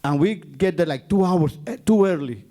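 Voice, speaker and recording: Animated storyteller man from Guatemala. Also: fairly high pitch, moderate pace. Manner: animated, acts out the voices in his story. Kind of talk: live storytelling.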